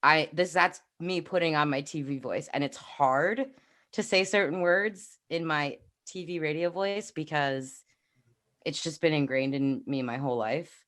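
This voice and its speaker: Speaking unhurriedly in a deep but fairly bright voice, this podcast co-host, a thirtysomething New Yorker with a New York accent, rambles and laughs a lot while chatting casually on a livestream.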